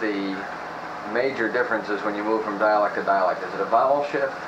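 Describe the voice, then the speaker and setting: A man from New Jersey explaining accents in a relaxed, hesitant way with many fillers. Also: fairly low pitch, fairly quick, background noise. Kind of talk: interview and instruction. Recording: distant, roomy, dull lo-fi mic.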